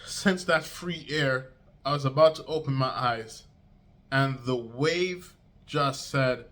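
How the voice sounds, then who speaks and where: A young man vlogging a casual storytime, slangy and swearing, acting out quotes with big jumps in pitch. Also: takes it slowly, a bit bright.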